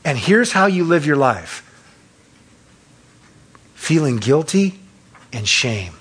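A man preaching a sermon as pastor, acting out quick voices of the accuser and of self-righteous churchgoers. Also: on the high side, breathy edge. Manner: acts out voices of Satan and churchgoers, animated.

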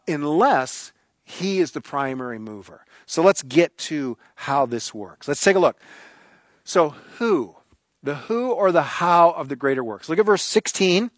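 A man's voice: on the high side, dry recording. A man preaching a sermon, emphatic and repeating key phrases for stress. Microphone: recorded for online viewers.

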